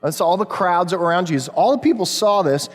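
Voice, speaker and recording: High-voiced man preaching in a reverberant church. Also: lively intonation, fast talker. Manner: conversational, storytelling, addresses kids. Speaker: pastor. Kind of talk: sermon. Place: church sanctuary. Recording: long reverb of a church hall.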